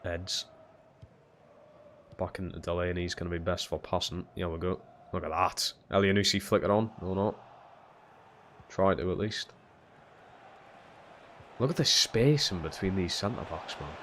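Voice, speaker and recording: Young male streamer, lowish voice, muttered play-by-play with sweary outbursts, faint hiss behind. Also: moderate pace, long pauses. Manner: swears freely and swings from low muttering to shouting at big moments. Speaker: streamer playing a football video game. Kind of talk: live gameplay commentary.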